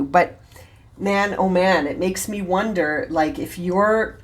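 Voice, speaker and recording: A woman's voice: lowish voice, slow. A woman giving a tarot reading, talking straight to the viewer in an earnest, encouraging way and thinking aloud with a few restarts. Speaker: tarot reader.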